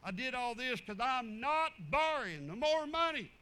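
A man preaching, telling folksy stories in an animated, drawling way. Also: very high voice, normal speed, smooth, rough recording. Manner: animated, drawling storyteller with chuckles. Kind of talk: folksy sermon storytelling.

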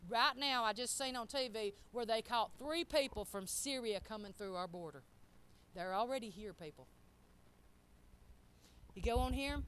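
A middle-aged woman preaching a sermon. She speaks in a folksy, emphatic way and swings between loud and soft. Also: fairly high pitch, clear, resonant tone.

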